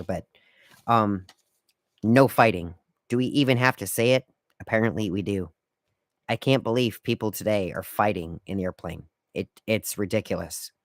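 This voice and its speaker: Man, podcast host, low-pitched, dry close recording, casual solo talk, wry lecturing tone. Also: dry recording. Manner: wry, lecturing etiquette tips.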